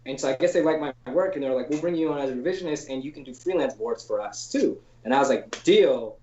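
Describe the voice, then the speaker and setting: Guesting on a podcast, a male storyboard artist shares casual stories in an interview, talking fast in a medium-pitched, slangy voice. He scatters "like" and casual swearing throughout and puts on animated voices to quote people, over roomy, somewhat dull, lo-fi call audio.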